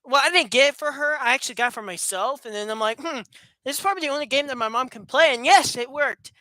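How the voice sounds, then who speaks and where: A woman's voice: high voice, quick pace, sharp tone, no room sound. A woman vlogging in a casual chat to her webcam at home, playful and rambling, laughing often and joking sarcastically. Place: room at home with a fast fan running.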